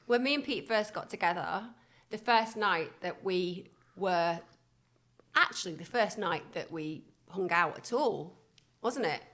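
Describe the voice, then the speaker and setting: A woman hosting a podcast, telling stories in animated, casual chat. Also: fairly low pitch, unhurried. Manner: chatty, animated storyteller. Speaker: podcast host.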